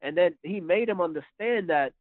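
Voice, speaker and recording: A man's voice: high voice, normal speed, no room sound. A man as a podcast guest, telling a story casually, rambling and repeating his words. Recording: dry tinny phone-like line.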